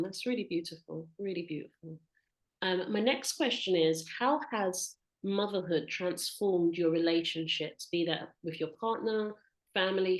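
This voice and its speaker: A woman hosting a podcast, asking her guest questions in a gentle, hesitant way. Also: lowish voice, poor audio. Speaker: podcast host. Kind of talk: interview questions.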